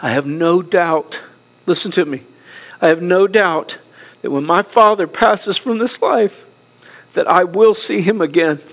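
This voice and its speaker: Earnest, high-voiced middle-aged male pastor. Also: unhurried. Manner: earnest, preaching with wide swings between soft and raised passages. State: emotional, near tears. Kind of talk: sermon.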